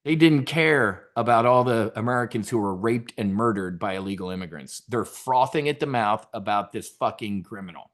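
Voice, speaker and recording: A man hosting a trading show, delivering a sarcastic, profane political rant with loud bursts of emphasis. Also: medium pitch, animated, moderate pace. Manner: combative, sarcastic, swears a lot. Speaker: host of a stock options trading show.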